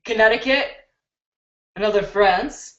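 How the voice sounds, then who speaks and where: A woman from Chicago hosting a beauty live stream, excitedly reading out viewer comments from her computer on a webcam. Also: mid-range voice, unhurried. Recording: roomy, dull lo-fi webcam sound.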